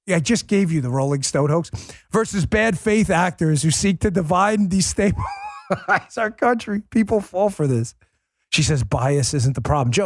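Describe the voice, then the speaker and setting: Casual: sarcastic guy hosting a political talk show, kinda high voice, dry studio sound. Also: no echo. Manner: sarcastic, mocking; animated, swings pitch when mimicking. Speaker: host.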